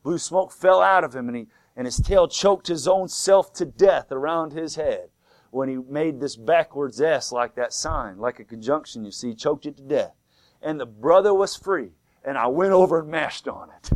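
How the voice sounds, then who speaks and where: A man preaching a sermon, fervent and swinging from loud to hushed. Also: a little high, moderate pace, no echo. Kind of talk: sermon retelling a vision.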